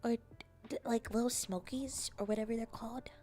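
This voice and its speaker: A woman streamer chatting casually with her viewers in a soft, half-whispered voice, slipping into playful mock-taunting teases. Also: a little high, fairly even intonation, fairly quick, soft background music. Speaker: streamer hosting a chat stream. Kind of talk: soft-spoken casual chat.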